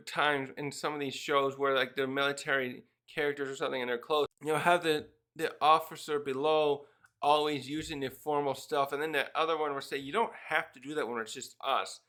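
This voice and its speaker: A man gives a casual spoken review of a manga chapter, rambling and briefly acting out characters' lines in quick put-on voices. His voice is a little high, steady in tone, pushed and bright.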